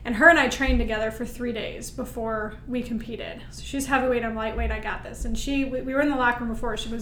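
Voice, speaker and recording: A woman guest, a military veteran, telling her story in an animated, emphatic way and often checking in with "right?". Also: a little high, fast, hardly any pauses, a little hiss or hum. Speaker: interview guest, military veteran and Paralympic-style powerlifter. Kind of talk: storytelling in conversation. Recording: roomy echo.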